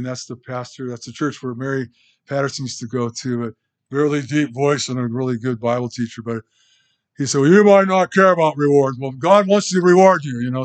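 Conversational male pastor preaching a sermon. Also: mid-range voice. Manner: conversational, halting, with restarts and asides.

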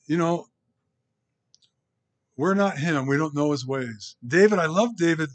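A man leading a Bible study, reading scripture aloud and explaining it informally, with rhetorical questions to the group. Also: fairly high pitch. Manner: reads scripture aloud between comments. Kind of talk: conversational Bible teaching.

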